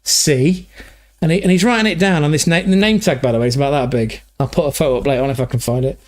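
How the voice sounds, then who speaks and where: A man's voice: a little high, steady tone, fast. A man from England hosting a livestream, rambling through stories in a loose, sweary, casual chat. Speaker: livestream host.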